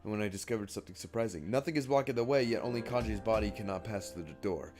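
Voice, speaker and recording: A man streaming a game, reading its text aloud and thinking aloud in a halting, casual way. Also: on the low side, a little mellow, faint music behind.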